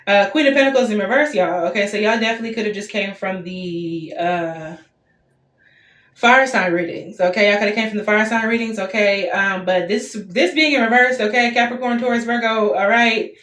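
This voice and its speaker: A woman's voice: mid-range voice, normal speed, a bit bright. A woman in her twenties giving a casual livestream tarot reading, chatty and repetitive, full of fillers. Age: 20s. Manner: chatty, lots of fillers, repeats herself. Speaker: tarot reader. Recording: roomy echo, faint background hiss.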